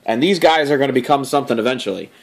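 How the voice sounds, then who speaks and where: A man's voice: medium pitch, very fast, creaky, a little hiss or hum. A man hosting a casual toy review, rambling and joking, laughing often and swearing offhandedly.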